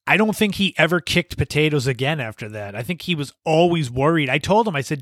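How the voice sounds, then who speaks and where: A man's voice: a little high, animated, brisk, hardly any pauses, fairly bright tone, no echo, studio quality. A man hosting a podcast, telling casual anecdotes and laughing as he goes. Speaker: podcast host. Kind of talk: casual storytelling monologue.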